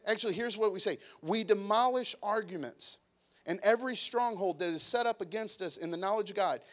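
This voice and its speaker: A man in his thirties preaching a sermon, animated and conversational, with sudden drops to a hush. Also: high voice. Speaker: pastor. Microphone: handheld mic, sometimes set down.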